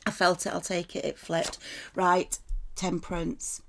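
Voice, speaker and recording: A woman talking through a tarot reading in a loose, conversational way, with a gravelly fry in her voice. She keeps checking in with her listener and drops swear words without a pause. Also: on the low side, level tone, slight background noise. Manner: chatty, keeps asking "right?", swears freely. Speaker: tarot reader. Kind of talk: casual spoken tarot reading.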